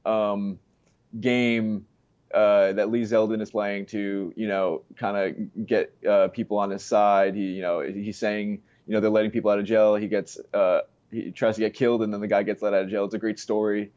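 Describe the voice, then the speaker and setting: A man talking politics in a casual chat, halting, with lots of fillers and "you know". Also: on the low side, level tone, darkish tone, clean tone, dull audio. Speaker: street interviewer guest.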